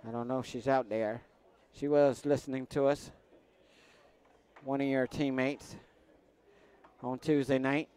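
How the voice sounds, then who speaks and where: A man, casually commentating pool matches on a live stream and giving joking shout-outs to viewers. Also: medium pitch, level tone, unhurried, pauses often, clear, resonant tone.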